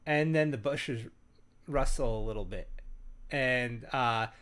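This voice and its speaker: A man's voice: medium pitch, slow pace. A man hosting a casual chat about tabletop gaming, talking on a computer mic during a screen share, rambling with lots of fillers and restarts and telling stories with animation. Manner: animated storyteller. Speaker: host sharing game-master tips.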